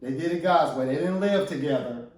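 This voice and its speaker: A fairly high-voiced man tells a story in a lively, halting way, repeating and restarting his words. He sounds distant from the mic in a very echoey room. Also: slight background noise. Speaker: minister co-hosting with his wife. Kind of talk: casual ministry talk show.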